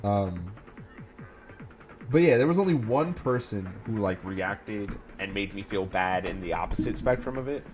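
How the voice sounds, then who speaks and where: A man in his thirties chatting casually while streaming a game, excitable, laughing often and swearing. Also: fairly low pitch, moderate pace. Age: 30s. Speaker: gaming streamer. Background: game music.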